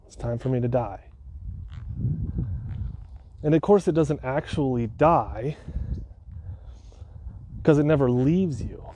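A man's voice: mid-range voice, dark tone. A man podcasting, telling a personal story in an earnest, heartfelt way, with sighs between thoughts.

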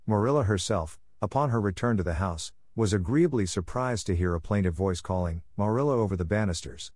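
A man narrating an audiobook with a measured, expressive reading. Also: fairly low pitch, dry recording, clean studio sound.

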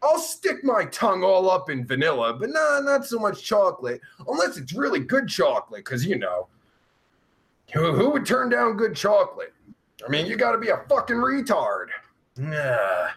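A young man runs a live stream, reading chat aloud and riffing in a rambling, sarcastic, profane way. His voice is high for a man, with pitch swooping wildly all over the place, and he breaks things up with groans and long sighs. He talks at a normal speed with a slightly bright tone.

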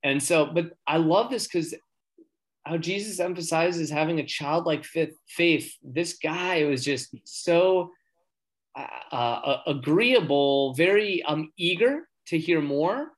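A man's voice: a little high, takes it slowly. Earnest, rambling man telling a story. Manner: earnest, excitable when talking faith; rambling with many fillers and restarts. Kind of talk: casual storytelling chat.

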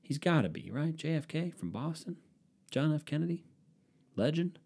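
A man's voice: fairly high pitch, very animated, moderate pace, darkish tone, slightly rough. A man from the Cleveland area riffing in a casual, profane, sarcastic monologue. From Cleveland, Ohio area.

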